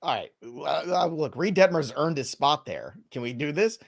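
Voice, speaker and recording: A man's voice: a little high, big pitch swings, gravelly. A man hosting a live fantasy baseball podcast, running through injury news with dry sarcastic asides. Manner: wry, sarcastic, quick rundown of injury news.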